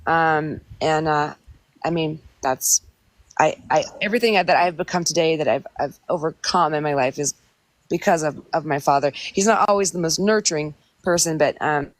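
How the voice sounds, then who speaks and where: A woman's voice: low voice, normal speed, no room sound. A woman on a podcast panel who talks bluntly and plainly in casual chat. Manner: blunt, plain-spoken, with fillers.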